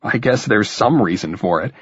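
Male reader as a wry, easygoing husband; low, husky, dull sound. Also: moderate pace, dry recording. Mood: dry. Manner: relaxed, dry humor.

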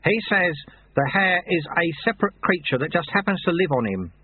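A cheerful, amiable little old monk sweeper, as a man puts him on in a storybook reading. His voice sits high and bounces around a lot, unhurried and gently teasing. The sound is thin and tinny, like a phone line. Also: animated, slightly rough.

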